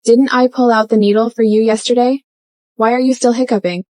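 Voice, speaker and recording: Actress as poised young chairwoman, brightish pitch, dry studio dub. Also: steady tone, fairly quick, no room sound, natural voice. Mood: composed. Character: young woman, poised new chairwoman, firm. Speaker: new company chairwoman. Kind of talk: dubbed drama dialogue.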